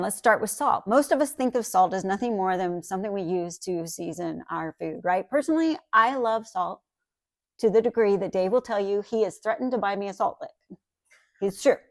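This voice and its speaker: A woman's voice: medium pitch, dry recording, clean studio sound. Earnest woman giving a sermon. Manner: earnest, emphatic, conversational asides. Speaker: Bible teacher.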